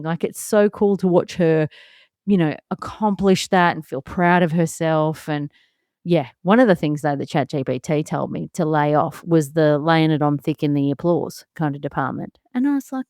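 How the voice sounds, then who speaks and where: A woman's voice: sits low, moderate pace, a little mellow, no room sound, studio quality. A woman, hosting a solo parenting podcast in a candid, chatty way and laughing often. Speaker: podcast host.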